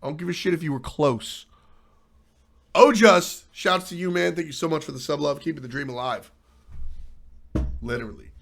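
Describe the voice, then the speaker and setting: This man's voice is fairly high with vocal fry, delivered at normal speed and broken up by long pauses. He hosts a casual esports livestream talk show, animated and profane, bluntly riffing and responding to chat.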